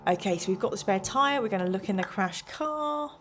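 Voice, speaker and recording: A woman's voice: medium pitch, lively intonation, a little fast, fairly bright tone. A woman hosting a live gamebook play-through, reading passages aloud and counting the chat's votes in a chatty way. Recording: faint music behind.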